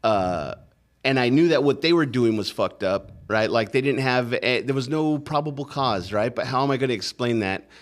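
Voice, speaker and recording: A man's voice: medium pitch, animated, moderate pace. Male podcast guest with a mid-range voice, loose and profane storyteller. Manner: profane, rambling, full of "like" and "right?". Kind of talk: casual storytelling.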